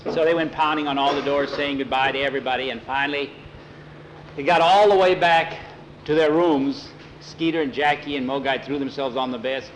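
A man's voice: mid-range voice, steady tone, a little fast, background noise. A man telling a story aloud in an informal, rambling way, stringing dialogue together with "he said.". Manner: chatty, rambling, repeats "he said".

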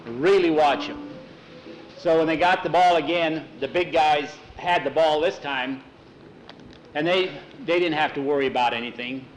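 A man telling a sports story in a folksy, animated way, with many "he said"s. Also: fairly high pitch, normal speed, a little hiss or hum, rough recording. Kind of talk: told story narration.

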